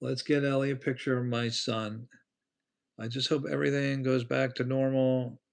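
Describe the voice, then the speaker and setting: A man's voice: medium pitch, flat delivery, normal speed, gravelly. A man hosting a casual nightly livestream, telling rambling stories and talking to his chat by name. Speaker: livestream host.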